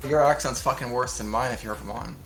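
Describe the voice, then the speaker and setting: A man from Canada chatting casually on a live stream, quick and restarting his sentences, with some swearing. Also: medium pitch, soft background music. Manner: quick, swearing, self-interrupting. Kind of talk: casual chat.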